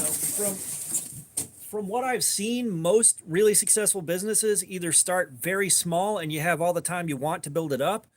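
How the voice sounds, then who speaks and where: A man in his forties from Georgia with a fairly neutral American accent, chatting casually and rambling with lots of hesitations. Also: high-pitched. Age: 40s. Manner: rambling, loose, hesitant with fillers. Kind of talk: casual chat.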